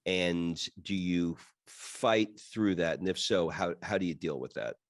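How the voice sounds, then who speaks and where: A man in his fifties with a very deep voice hosts the interview. He asks his questions haltingly and thoughtfully, restarting often, and the sound is dry and close. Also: no echo. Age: 50s. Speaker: podcast host.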